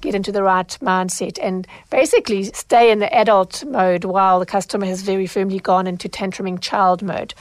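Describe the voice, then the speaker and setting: A woman's voice: medium pitch, dry recording. Woman, middle-aged, podcast host, solo storytelling, acts out quotes, dry close mic. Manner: animated when retelling, acts out quoted lines. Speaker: podcast host, consumer advocate.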